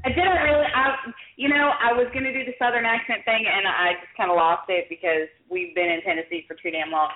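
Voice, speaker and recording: A woman's voice: medium pitch, steady tone, fast talker. A woman hosting a drinking trivia show as quizmaster, talking in a loose, folksy way with lots of ums and uhs. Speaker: game show host and quizmaster. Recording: tinny lo-fi sound in an echoey room.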